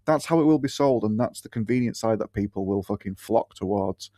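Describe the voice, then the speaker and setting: A man's voice: on the low side, fairly quick, dark tone, no echo. A man co-hosting a casual podcast chat, laid-back and dry, swearing casually. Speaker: podcast co-host.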